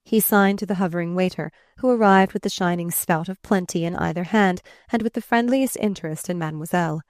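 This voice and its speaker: A woman narrating a classic novel as an audiobook, reading in a measured, expressive way. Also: lowish voice, no echo, clean studio sound.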